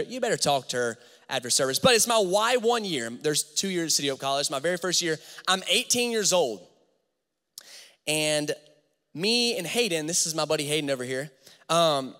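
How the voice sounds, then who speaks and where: Bright-voiced young man in a reverberant hall. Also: on the high side. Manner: animated, slangy, talks straight to the crowd. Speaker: youth pastor. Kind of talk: youth service talk with storytelling. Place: church youth auditorium. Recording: long hall reverb from a church auditorium.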